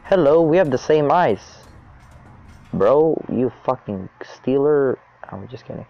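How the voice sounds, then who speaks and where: A young man casually commenting on his own gameplay as a channel host, excitable and swearing freely. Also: medium pitch, a little slow, highs cut off. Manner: excitable, swears a lot, shrieks when chased. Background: faint background music.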